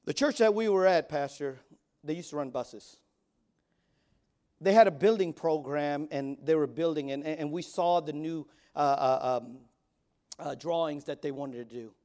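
A man in his forties preaching as a youth pastor, swinging between loud exhortation and quiet asides, often stammering and repeating words. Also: fairly high pitch, moderate pace. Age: 40s. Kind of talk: sermon.

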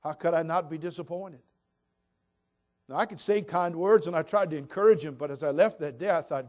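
An older man from California preaching a sermon in a slightly raised voice. He climbs to loud, emphatic peaks and then drops into quiet, low asides. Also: a little fast. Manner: swings from loud emphatic build-ups to soft, low asides.

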